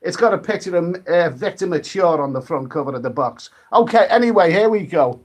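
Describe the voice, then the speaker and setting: British man, live stream host, slightly high voice, halting, rambling, drinking. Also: animated, a little mellow. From United Kingdom. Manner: rambling, halting, many restarts and fillers. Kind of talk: casual live stream chat, reading viewer comments.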